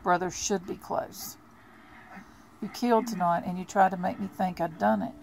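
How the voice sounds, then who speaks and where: Woman reading as a smooth, ironic vampire brother. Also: on the low side, moderate pace, a little hiss or hum, low-quality recording. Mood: mocking. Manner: calm, ironic taunting.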